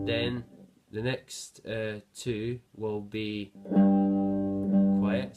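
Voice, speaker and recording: A man's voice: fairly low pitch, level tone, extremely slow, muffled recording. A man teaching a guitar lesson, counting beats aloud and explaining between passages, with some fillers. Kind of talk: music lesson. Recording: guitar playing behind voice.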